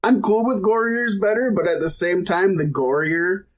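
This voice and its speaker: A man's voice: high voice, moderate pace. A man co-hosting a podcast, chatting casually with laid-back, profane banter. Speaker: podcast co-host. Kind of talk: casual chat.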